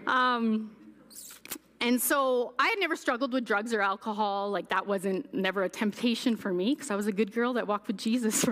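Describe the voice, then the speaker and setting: A woman's voice: medium pitch, a bit bright. A young adult woman giving a candid personal testimony as a guest speaker, acting out her past words with animation. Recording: echoey hall reverb.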